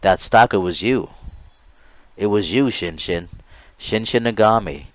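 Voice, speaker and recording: A man's voice: fairly low pitch, unhurried, no echo, dull audio. A man in his late thirties reading his own memoir chapter aloud, earnest, with small stumbles and restarts.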